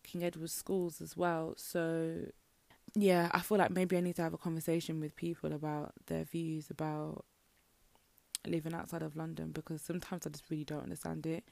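Young Birmingham woman, podcast host, straight-talking rant; lowish gravelly voice, dry close sound. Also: level tone, moderate pace, warm tone, no room sound. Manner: frank, opinionated, filler-heavy with lots of "like". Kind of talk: casual solo podcast rant.

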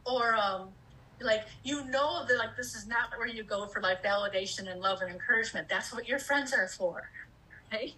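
A woman in her fifties, with a voice on the high side and a sharp tone, speaks at normal speed on a rough recording. She shares a candid personal story, acting out her own inner voices and swearing casually.

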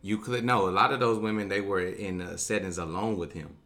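A man's voice: low voice, fairly even intonation, fairly quick, sharp tone. A man co-hosting a casual chat, profane, rambling and argumentative. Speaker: podcast co-host.

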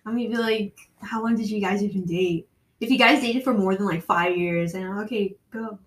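A woman's voice: mid-range voice, moderate pace, rough recording. A young woman in casual chat with a friend, laid-back and teasing, acting out imagined conversations. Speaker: friend chatting.

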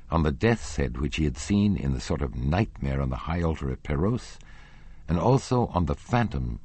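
Male audiobook narrator, very deep, dry close recording. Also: dark tone, slightly rough, dry recording. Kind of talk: reading a classic novel aloud.

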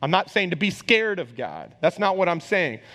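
A man preaching a sermon as pastor, conversational and animated, talking straight to the congregation. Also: high-pitched, moderate pace. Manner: conversational, animated, acts out quoted voices. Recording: long hall reverb.

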